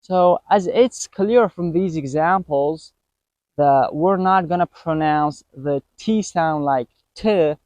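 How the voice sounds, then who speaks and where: A man teaching a pronunciation lesson, saying each example word twice in a careful, deliberate way. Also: high voice, a little mellow, dry recording. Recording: dry, dull lo-fi voice recording.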